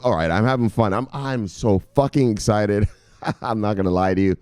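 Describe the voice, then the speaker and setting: A man hosting a rowdy daily news show with a very lively, jumping pitch. He yells and swears, then drops to low mutters, and his voice sits dry and close with no room around it. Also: moderate pace, smooth, no room sound. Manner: shouts bursts of "Bang!", swears, hypes his viewers. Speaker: crypto news show host. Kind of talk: excitable casual news show with profanity.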